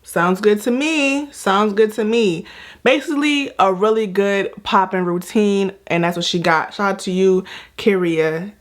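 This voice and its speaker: A young woman talks through a casual reaction vlog in a chatty, playful way. She leans on emphatic repeats and quick asides, her voice sitting at an ordinary middle pitch. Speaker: natural hair vlogger.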